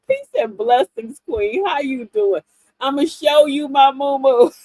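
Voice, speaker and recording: A woman's voice: high-pitched, dry recording, low-quality recording. A middle-aged woman, hosting a livestream in a casual, laughing, chatty way. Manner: animated, laughing, chatty storytelling. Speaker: livestream host. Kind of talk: casual chat. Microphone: livestream mic.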